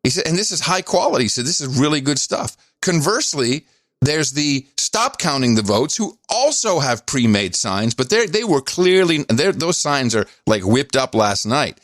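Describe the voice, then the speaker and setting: A man's voice: a little high, normal speed, dry recording, studio quality. A man co-hosting a podcast in casual political chat, teasing and sarcastic as he tells his stories. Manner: teasing, sarcastic, animated storytelling. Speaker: podcast co-host.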